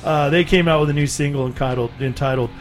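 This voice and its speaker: A man's voice: a little high, steady tone, quick pace. A man co-hosting a music radio show, rambling in a laid-back, self-deprecating way. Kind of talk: casual radio banter.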